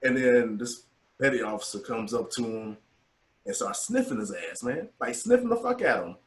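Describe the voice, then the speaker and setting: A man co-hosting a casual podcast, telling profane boot camp stories and loudly acting out the voices of the people in them. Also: mid-range voice, normal speed. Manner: profane, animated, acts out quotes loudly. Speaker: podcast co-host, navy veteran. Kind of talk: casual storytelling chat. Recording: echoey room.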